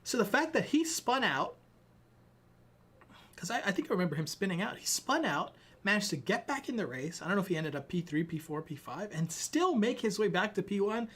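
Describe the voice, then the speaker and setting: Lively high-voiced young man streaming. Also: a little fast, slightly rough. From Ireland. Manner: rambling, self-deprecating, talks to chat while fiddling with gear. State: tired and sweating. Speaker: sim racing streamer. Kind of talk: casual live-stream chat.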